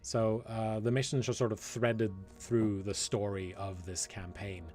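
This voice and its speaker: A man's voice: lowish voice, little pitch movement, a little slow, a little mellow, faint music behind. A man hosting a game live stream, chatting casually and talking to the viewers in chat. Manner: chatty, rambling, addresses the chat directly.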